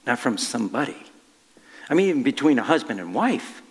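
A man preaching a conversational sermon, his mid-pitched voice trailing off into a long hall reverb. He speaks in a halting, easygoing manner, often restarting his sentences as he tells his story. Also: very animated.

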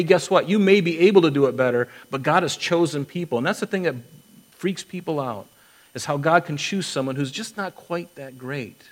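Man preaching, earnest sermon delivery, acts out quotes, restarts sentences, mid-pitched voice. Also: rough recording. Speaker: pastor.

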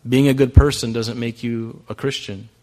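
A man's voice: mid-range voice, fairly even intonation, normal speed, darkish tone. Male pastor, sermon, chatty preaching, rhetorical questions, mid-range voice.

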